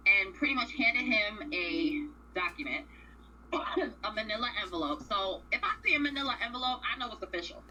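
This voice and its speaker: A woman's voice: medium pitch, expressive, moderate pace, sharp tone, a little hiss or hum, poor audio. A woman co-hosting a radio show, casually recapping a reality series in a blunt, profane, opinionated way.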